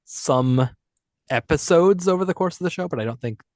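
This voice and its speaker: A man's voice: a little high, animated, moderate pace, a little mellow, no echo. Man, podcast co-host, casual chat, rambling, jokey, dry recording.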